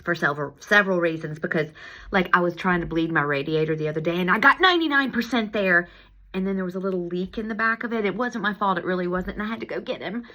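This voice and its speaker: A woman chiropractor telling a story in a casual monologue, animated and laughing as she acts out her own exclamations. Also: fairly low pitch, quick pace. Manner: animated, laughing, lively retelling with acted-out exclamations.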